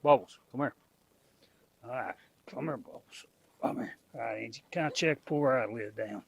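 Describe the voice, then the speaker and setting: A man's voice: mid-range voice, moderate pace, vocal fry, slightly rough. A middle-aged man, chatting casually to his viewers and animals outdoors on a farm. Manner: folksy, talks to animals and viewers. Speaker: homestead vlogger.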